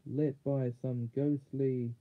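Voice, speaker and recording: A man reading a children's fantasy chapter book aloud in a measured way, now and then correcting small slips. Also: medium pitch, level tone. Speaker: audiobook reader. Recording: tinny phone-like sound.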